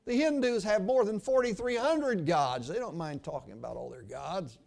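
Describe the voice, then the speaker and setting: Older guy preaching, pretty high voice, goes quiet then loud, really earnest. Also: moderate pace, gravelly. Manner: earnest, swings from hushed to emphatic. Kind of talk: sermon with storytelling and prayer.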